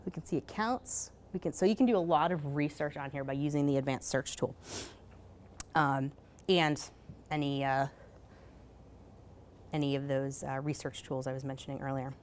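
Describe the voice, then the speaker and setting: A woman giving a conference presentation in a casual, hurried way, full of fillers and asking "right?" as she goes. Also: low-pitched, fairly even intonation, darkish tone, slight background noise. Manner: casual, many fillers, rhetorical "right?" tags; hurried, self-correcting. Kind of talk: live presentation. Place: conference session.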